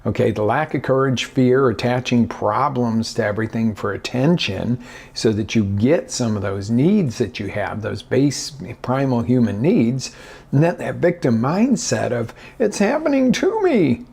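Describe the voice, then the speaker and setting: Gravelly, animated male life coach. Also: mid-range voice, a little slow. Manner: animated, acts out scenarios with big voice inflections. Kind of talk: motivational talk.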